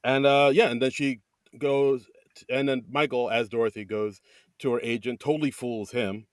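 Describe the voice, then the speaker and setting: A man's voice: mid-range voice, fairly even intonation, moderate pace, no room sound. Easygoing man, dry close sound. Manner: easygoing, lots of fillers and short reactions. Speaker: podcast co-host. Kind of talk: casual chat.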